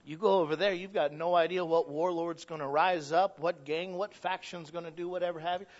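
A middle-aged man from Michigan, preaching a sermon in a conversational way that swings from quiet asides to loud, emphatic peaks. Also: a little high, fairly even intonation, a little fast, dull audio. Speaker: pastor.

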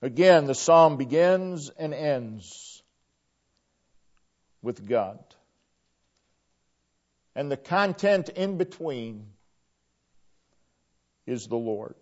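A male preacher delivers a sermon at an unhurried, deliberate pace, leaning hard on key words before letting each phrase sink quietly. His voice sits a little high for a man. The recording is dull and lo-fi. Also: lively intonation. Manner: slow, emphatic preaching that trails off quietly at phrase ends.

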